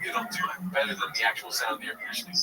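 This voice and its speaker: A man's voice: on the low side, monotone, racing, over a noisy crowd. A man co-hosting a podcast in easygoing, joking casual banter. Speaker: podcast co-host. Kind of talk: casual chat. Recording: distant mic, loud music behind.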